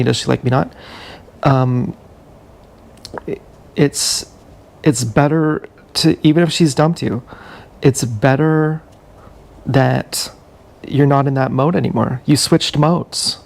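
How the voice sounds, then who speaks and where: A man talks straight into an action camera in a long, rambling, confessional monologue. His voice is gravelly and fry-laden, and his pitch sits in the middle range. He restarts his sentences often as he goes. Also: a little mellow. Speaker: vlogger. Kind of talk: casual monologue.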